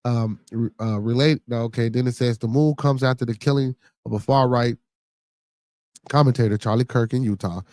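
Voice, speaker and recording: A man's voice: medium pitch, steady tone, moderate pace, mellow, no room sound. A man with a Chicago accent hosting a podcast, chatting casually in a rambling, profane way and reading news stories aloud. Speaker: podcast host.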